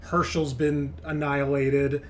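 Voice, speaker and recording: A man's voice: medium pitch, measured pace, a little hiss or hum. Guy running a tabletop game, laid-back and jokey, lots of uhs. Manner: relaxed, joking, with filler hesitations. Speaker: game master.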